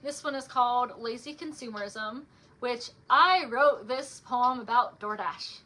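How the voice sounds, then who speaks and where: A young woman with a fairly high voice speaks at a measured pace on a livestream, chatting casually and reading her own poetry aloud. She uses lots of "like" as filler, while her poem readings come out softer and quieter.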